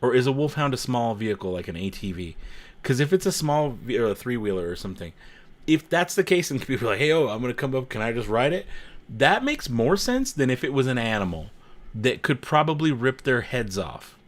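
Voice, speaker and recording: A man's voice: medium pitch, very animated, a little fast. A man hosting a casual livestream, chatting with viewers and reading their comments, joking, laughing often and repeating himself. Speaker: livestream host.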